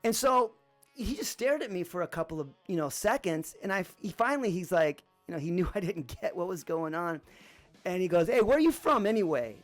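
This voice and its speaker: A man from Arizona hosting a podcast, telling a personal story in a relaxed, rambling way with lots of fillers. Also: sits high, a little fast, soft background music. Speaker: podcast host.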